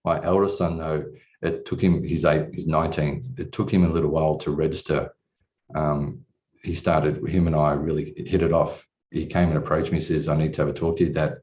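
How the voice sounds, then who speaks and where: Deep, mellow man telling his story. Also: level tone, a little fast. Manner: earnest, emotional, casual swearing, many restarts. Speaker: client giving a testimonial. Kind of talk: candid personal storytelling. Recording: distant mic, dull lo-fi sound.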